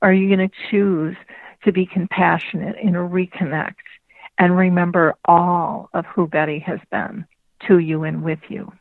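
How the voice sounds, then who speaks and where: A woman's voice: fairly low pitch, fairly even intonation, moderate pace, gravelly, dry recording. A woman voicing a male horse who earnestly urges others with pointed questions, over a dry phone line. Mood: urging. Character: grave male horse messenger.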